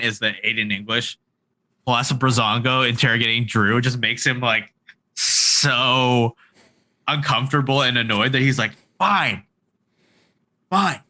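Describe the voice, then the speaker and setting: A man's voice: mid-range voice, bright, forceful tone. A man co-hosting a casual chat, steering the talk with hesitant, filler-heavy phrasing. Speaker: podcast co-host.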